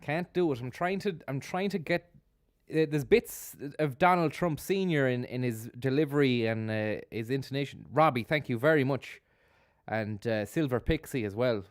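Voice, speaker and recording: A man's voice: medium pitch, normal speed, no room sound, studio quality. A man hosting a live stream, giving sardonic, rambling commentary on a video and swearing freely as he goes. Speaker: streamer host.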